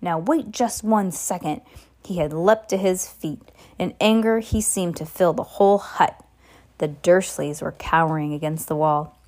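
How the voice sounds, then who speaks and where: A woman's voice: low voice, moderate pace, a little mellow. A woman reading a novel aloud in an unpolished way, with slips and asides to a listener. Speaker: reader.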